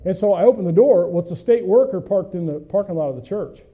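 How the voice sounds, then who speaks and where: A man's voice: sits high, expressive, fast talker, warm tone, dull audio. A middle-aged male pastor preaching a conversational sermon, folksy and full of questions to the congregation, with self-mocking humor.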